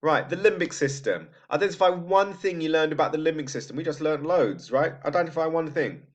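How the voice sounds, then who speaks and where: A man's voice: on the high side, brisk. A man teaching a recorded psychology lesson in a casual, conversational way, checking in with "right?" and restarting his sentences. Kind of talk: recorded lecture. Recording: slightly dull lo-fi audio.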